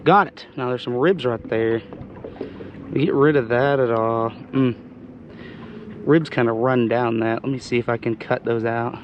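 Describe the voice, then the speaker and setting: A man hosting a fishing vlog, talking casually while he cleans and cooks fish, hoarse as he loses his voice. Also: medium pitch, fairly even intonation, a little slow, pauses often, lo-fi sound, slight background noise. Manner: chatty, exclaims often. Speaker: fishing channel host. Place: outdoors on a boat.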